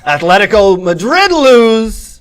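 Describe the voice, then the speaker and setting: A host putting on a raspy English accent that drifts toward Australian, playing a gruff foul-mouthed football man who barks insults at the viewers. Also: sits high, sing-song, measured pace, a little hiss or hum, voice pushed up. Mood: gruff barking. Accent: put-on English, drifting Australian. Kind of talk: costumed show opening.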